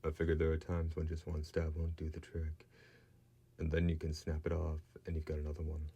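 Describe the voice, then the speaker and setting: A man's voice: extremely low pitch, completely flat delivery, a little fast, dark tone, husky, heavily acted. A man voicing a wry male vampire hunter who talks in a laid-back, dry drawl.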